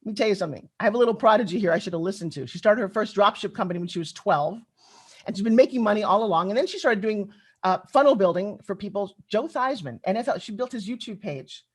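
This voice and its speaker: Her voice sits at medium pitch with a breathy edge, and she moves at a quick pace. This middle-aged woman gives a chatty conference keynote full of stories, addressing the crowd directly in an animated way.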